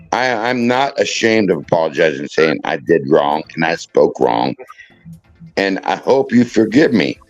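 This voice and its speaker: A tipsy, tearful man pleading and apologizing in a halting, repetitive way on a livestream. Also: low-pitched, darkish tone, dry recording, highs cut off. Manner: halting, repeats himself, pleading. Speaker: livestream panel guest.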